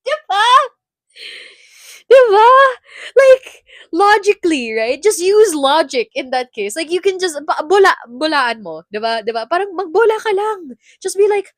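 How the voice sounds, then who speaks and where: A young woman with a Filipino accent chatting with viewers on a live stream, animated and laughing often, slipping between English and Tagalog. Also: very high-pitched, normal speed, no echo, clean studio sound. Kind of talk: casual chat with viewers.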